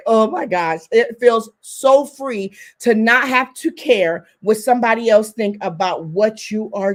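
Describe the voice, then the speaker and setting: A woman in her twenties co-hosting a couples podcast, telling her side in an emphatic, animated casual chat. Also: a little high. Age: 20s. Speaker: podcast co-host.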